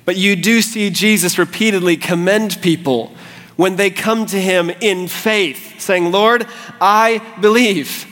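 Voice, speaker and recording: Pastor guy preaching hard, kinda high voice, big echoey church hall. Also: measured pace, fairly bright tone. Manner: impassioned, rising to fervent pleading. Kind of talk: sermon. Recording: long hall reverb.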